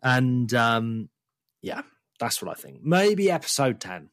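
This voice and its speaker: Lively chatty man on a dry mic. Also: medium pitch, takes it slowly, no echo. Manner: chatty, says "mate" often. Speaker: podcast co-host. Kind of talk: casual chat.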